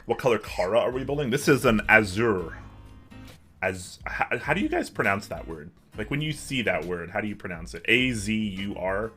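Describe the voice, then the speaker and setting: A man's voice: on the low side, very animated, a little fast, sharp tone, soft background music. A young man hosting a casual livestream from his home office, chatting and answering viewer messages. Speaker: livestream host.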